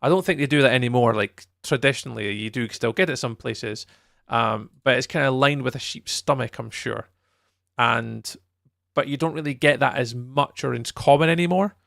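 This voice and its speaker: Man, Scottish accent, rough fry-heavy voice, easygoing streamer, rambling chat. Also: medium pitch, moderate pace, fairly bright tone, dry recording, clean studio sound. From Scotland. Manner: chatty and rambling, laughs easily, answers chat. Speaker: game streamer. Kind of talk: casual chat while playing a game live.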